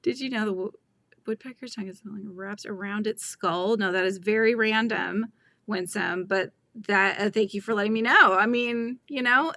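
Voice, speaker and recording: A woman's voice: medium pitch, sharp tone, no room sound, clean studio sound. A middle-aged woman hosting a crochet livestream, chatting casually, giggling and reading the chat aloud.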